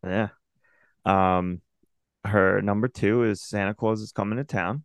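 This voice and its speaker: A young man co-hosts a chatty podcast, reading listener emails with a joking, easygoing manner. His voice sits on the lower side with a gravelly edge. The sound is dry and close to the mic. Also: steady tone, measured pace, dry recording. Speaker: podcast co-host.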